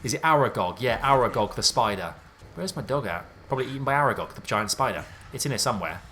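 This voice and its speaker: A man giving let's play commentary on a game, excitable and jumpy, thinking aloud in casual slang. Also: medium pitch, fast talker, slight background noise. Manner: casual slangy talk, says mate and dude. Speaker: gaming YouTuber.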